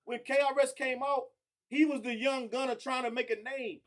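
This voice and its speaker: A man with a notably high speaking voice hosts a casual hip hop debate podcast. He talks fast, piles example on example and pushes his point hard. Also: steady tone. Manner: talks fast and builds his argument with many names.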